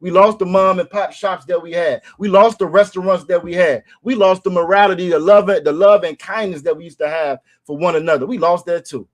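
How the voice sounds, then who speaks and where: A man's voice: high-pitched, fairly even intonation, fairly quick, hardly any pauses. A man hosting a casual commentary podcast, talking emphatically, repeating phrases and asking "you feel me?". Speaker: show host.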